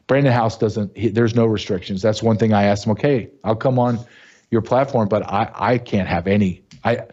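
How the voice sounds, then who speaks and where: A man hosting his own show, delivering a blunt, angry commentary monologue that keeps rising into sharp outbursts. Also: on the low side, moderate pace, highs cut off. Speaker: show host.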